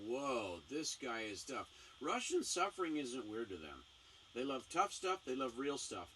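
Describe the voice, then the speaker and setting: Guy telling a story on a show, bright lively voice, kinda far from the mic with some hiss. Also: a little high. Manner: animated, acts out voices in anecdotes. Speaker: missionary speaker, show host. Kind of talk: casual storytelling talk. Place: small home studio. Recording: distant mic, faint background noise.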